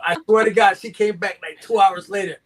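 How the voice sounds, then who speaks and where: Older guy from mexico, kinda high voice, goofing around telling show stories. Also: fairly even intonation, a little fast, a bit bright. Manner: joking storyteller, acts out sales banter. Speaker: guest reptile breeder. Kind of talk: casual live chat.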